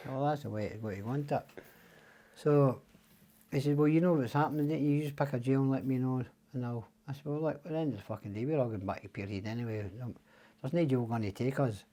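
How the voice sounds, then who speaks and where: An older Scottish man talks in a loose, rambling storytelling way, swearing freely and acting out the voices of the people in his tales. His tone is dark and mellow, with nothing bright or sharp in it. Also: mid-range voice, fast. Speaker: podcast guest. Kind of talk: casual storytelling.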